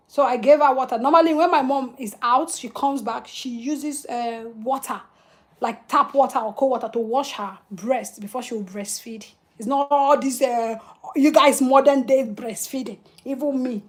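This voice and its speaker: A middle-aged woman hosting a livestream tells an emotional childhood family story, laughing between tender memories. Her voice is high and her pace moderate.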